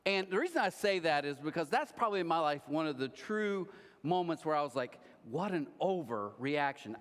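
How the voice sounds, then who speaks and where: A middle-aged man preaching a sermon in a casual, storytelling way, with chatty asides to his congregation. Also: fairly high pitch. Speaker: pastor. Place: large church auditorium. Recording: long reverb of a large hall.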